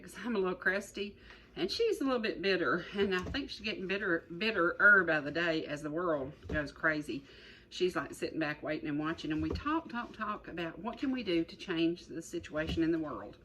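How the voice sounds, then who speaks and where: A woman's voice: on the low side, normal speed, fairly bright tone, a little hiss or hum, poor audio. A middle-aged woman hosting a cooking show, chatty and rambling, repeating her words as she demonstrates. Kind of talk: folksy cooking demonstration chat.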